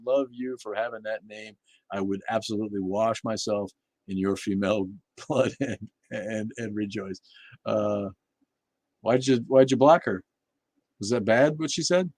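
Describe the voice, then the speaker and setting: A man's voice: mid-range voice, moderate pace, no room sound. A man hosting a casual livestream chat, reading and answering viewers' comments in a blunt, profane way, with many fillers and restarts.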